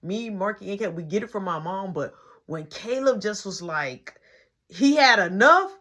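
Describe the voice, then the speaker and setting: A young woman telling a story in casual storytime style, acting out the voices and shifting between loud and hushed. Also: mid-range voice, animated, normal speed.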